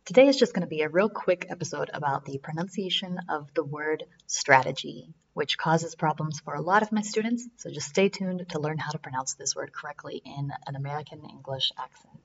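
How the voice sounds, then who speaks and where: A woman's voice: deep voice, a little fast, hardly any pauses, slight background noise. Distant, dull-sounding woman podcast host. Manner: friendly, direct address to listeners. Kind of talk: podcast intro and outro.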